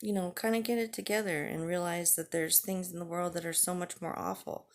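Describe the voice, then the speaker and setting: A woman in her forties talking candidly to the camera in a halting, earnest way, with frequent pauses and fillers. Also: on the low side, fairly even intonation. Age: 40s. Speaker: vlogger. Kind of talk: candid personal vlog talk.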